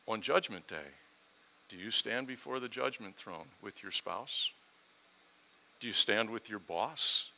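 A man's voice: medium pitch, sharp tone, low-quality recording. A man preaching a sermon verse by verse, asking the listeners rhetorical questions and growing more fervent as he goes. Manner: expository preaching, rhetorical questions, rising in fervor.

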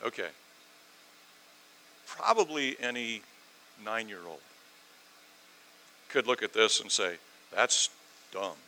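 Bright-voiced animated male preacher. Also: slow, long pauses, slight background noise, poor audio. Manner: animated, swings from loud emphasis to low asides; sarcastic rhetorical questions. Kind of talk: sermon.

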